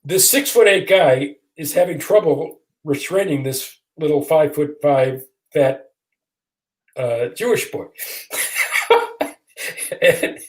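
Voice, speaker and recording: Older guy from michigan, bit high voice, spinning a lively self-mocking story on a video call. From Michigan, USA. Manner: animated, self-deprecating storyteller. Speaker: guest attorney and author. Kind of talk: storytelling in a casual interview.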